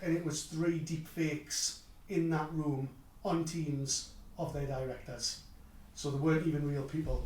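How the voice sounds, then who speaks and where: Brief: Geordie man presenting at a tech event, emphatic and punchy, fairly high voice, picked up from a distance. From North East England. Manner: emphatic, punchy short sentences to the audience. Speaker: tech conference speaker. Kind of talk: live presentation. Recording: echoey hall, mic heard from afar.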